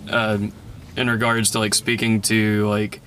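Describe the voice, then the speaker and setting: A man's voice: lowish voice, completely flat delivery, measured pace, fairly bright tone, a little hiss or hum. A man in casual chat, rambling through a story and laughing often.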